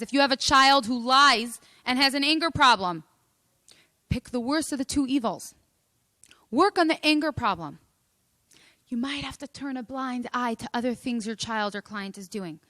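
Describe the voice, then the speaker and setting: A woman coach giving a motivational lecture, telling stories and making points with animated emphasis. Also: high-pitched, no room sound, studio quality. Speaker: life coach and speaker.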